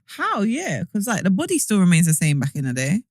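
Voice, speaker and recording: A woman's voice: lowish voice, wildly swooping pitch, a little fast, a little mellow, no room sound, clean studio sound. A young woman, co-hosting a podcast and laughing a lot in casual chat. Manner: playful, laughs often. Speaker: podcast co-host.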